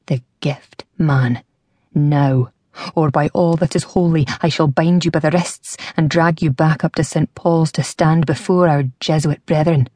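A woman narrator voicing a ruthless cloaked male horseman, rasping and low with quiet menace, in an audiobook. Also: fairly even intonation, a little slow, no echo, studio quality. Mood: menacing. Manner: lethally soft menace, bellowing commands. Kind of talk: audiobook character voice.

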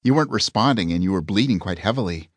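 A man's voice: fairly low pitch, expressive, fast, dry recording. A man voicing a prim, courteous young woman in an audiobook, speaking with formal phrasing. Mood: explaining.

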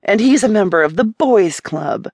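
A woman's voice: medium pitch, animated, moderate pace, darkish tone, dry recording, clean studio sound. A woman narrator voicing a prickly, defensive young woman artist in an audiobook, snapping back with sarcasm. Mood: snappy, sarcastic. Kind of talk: audiobook character voice.

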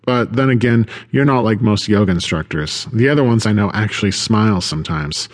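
A man voicing a cheerful female friend who hosts a dinner party, chatty and bright. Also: lowish voice, lively intonation, a little fast, long reverb tail. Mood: teasing.

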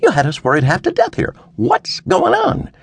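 Worried dad, urgent and exasperated, pitched up and wide-swinging, as a male narrator puts him on. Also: wildly swooping pitch, moderate pace, creaky, slightly rough, dry recording, heavily acted. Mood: agitated. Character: father, a worried middle-aged man.

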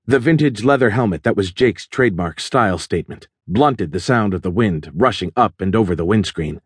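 Husky-voiced male thriller narrator. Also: fairly low pitch, no room sound, clean studio sound. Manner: steady, measured storytelling. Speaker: audiobook narrator.

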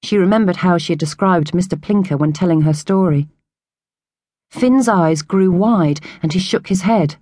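A woman narrating a children's audiobook in a clear, measured storytelling manner. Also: on the low side, warm tone, no room sound, clean studio sound. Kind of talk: scripted narration.

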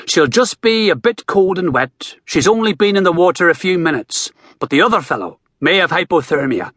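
A booming, bossy old country doctor, barking orders, as a male narrator puts him on. His husky voice swings widely in pitch, recorded dry and close for a storybook reading. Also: expressive, normal speed, fairly bright tone, no room sound. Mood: brisk commanding. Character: gruff commanding older male country doctor.

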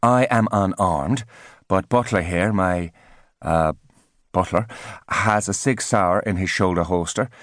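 A man voicing a cold, condescending twelve-year-old genius in an audiobook, speaking crisply and precisely with cool superiority. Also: low voice, measured pace, fairly bright tone, dry recording, studio quality. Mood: matter-of-fact. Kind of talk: audiobook character voice.

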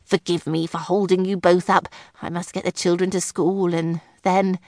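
A woman voicing a long-suffering, henpecked male headmaster, who sighs and talks slowly. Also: on the low side, little pitch movement, darkish tone, no echo, studio quality, lightly acted. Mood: weary. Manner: sighing, slow, put-upon.

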